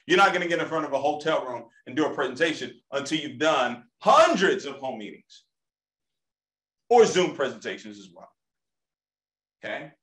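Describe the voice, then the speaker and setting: A man's voice: on the high side, fairly bright tone. A man giving an emphatic motivational training talk to a live audience, repeating key phrases and often checking in with "okay?". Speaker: sales trainer. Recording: echoey room.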